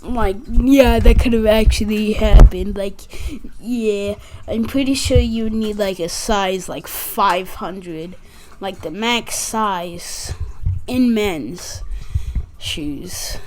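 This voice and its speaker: A woman's voice: medium pitch, takes it slowly, darkish tone, slight background noise. A young girl telling a school story to camera, rambling and acting out what others said, with many "like"s. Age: child. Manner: rambling, fills with "like", acts out quotes. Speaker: gaming channel creator.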